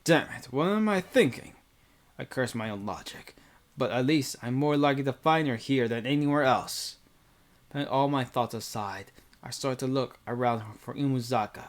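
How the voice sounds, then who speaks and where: A man's voice: mid-range voice, normal speed. A man reading a visual novel aloud with casual, rambling commentary full of fillers.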